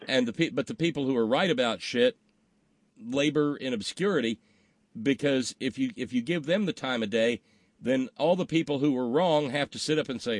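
A man's voice: mid-range voice, normal speed, no room sound. A man hosting a political talk show, blunt and wry, swearing casually as he reads listener questions.

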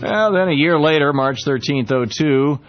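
A man hosting a political talk radio show, speaking in a halting, sarcastic monologue full of restarts. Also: on the high side, highs cut off, faint music behind.

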